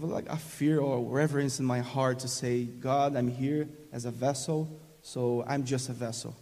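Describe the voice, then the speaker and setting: A man from Brazil preaching a sermon in halting English with a Brazilian accent, often restarting phrases and calling for amens. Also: medium pitch, mellow, in a large hall. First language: Portuguese. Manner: halting, many restarts, laughs often, invites call-and-response. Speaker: guest preacher.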